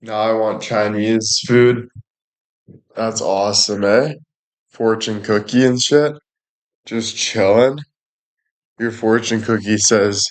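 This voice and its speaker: Young man rambling crudely, low voice. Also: steady tone, slow pace, long pauses. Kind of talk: casual chat to an audience.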